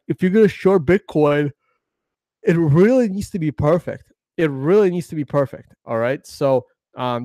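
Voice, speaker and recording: A male host of a casual crypto trading video meanders through chart commentary, stumbling over restarts and fillers. His slightly high voice has a somewhat mellow quality. The sound is clean studio audio with no room noise.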